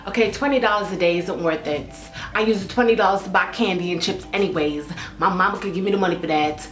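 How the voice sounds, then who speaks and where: A young woman, telling a dramatic storytime, sassy and animated. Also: mid-range voice, fast. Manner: sassy, dramatic, acts out quotes. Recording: roomy echo with faint music.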